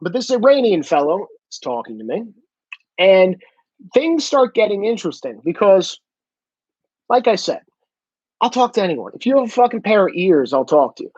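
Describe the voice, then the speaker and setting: A man's voice: sits high, very animated, moderate pace, pauses often, darkish tone, slightly rough. A blunt man rants straight to the camera and swears freely as he goes. He keeps breaking into mocking impressions of other people. His voice sounds dull and muffled, with a dry, close sound and no room echo. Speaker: vlogger. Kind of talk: casual profane monologue.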